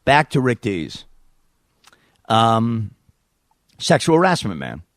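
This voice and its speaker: A man in his thirties hosting a podcast, telling comic stories in an animated way. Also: medium pitch, slow pace, pauses often, no room sound, clean studio sound. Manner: animated, slips into voices and quotes. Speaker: podcast host. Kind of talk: comic storytelling.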